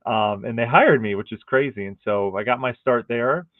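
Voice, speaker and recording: A man's voice: mid-range voice, moderate pace, dry recording. A middle-aged man, a meteorologist, chatting casually and earnestly with viewers on a livestream, rambling with many fillers and restarts. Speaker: meteorologist hosting a weather livestream. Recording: tinny phone-like audio.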